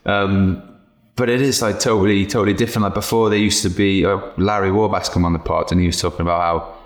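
A man's voice: low-pitched, fairly even intonation, fast, echoey room. A man hosting a podcast, chatting casually, joking, swearing freely and telling anecdotes. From Wales. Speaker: podcast host.

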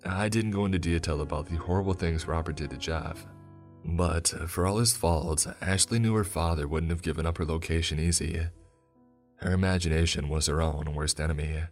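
Over faint music, a man with an extremely low voice narrates a tense story in the first person. He speaks at a normal speed, steady and grave throughout.

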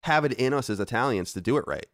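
Animated ranting man, dry sound. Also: mid-range voice, fast talker, no room sound. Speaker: podcast host. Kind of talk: casual chat.

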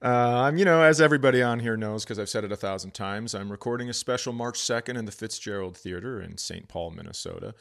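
Rambling comedian on a chat podcast. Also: male voice, on the low side, fast, vocal fry, few pauses, a bit bright. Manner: rambling, self-deprecating, trailing restarts.

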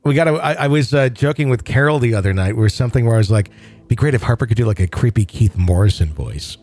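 A man's voice: mid-range voice, lively intonation, quick pace, darkish tone. A middle-aged man hosting a podcast, chatty and rambling as he tells stories in casual talk. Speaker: podcast host.

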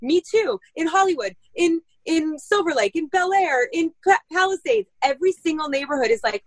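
Animated, chatty woman, slightly high voice. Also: moderate pace, hardly any pauses, no room sound, low-quality recording. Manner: rambling, animated storytelling with casual cursing. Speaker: mom and podcast guest. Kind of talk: casual chat.

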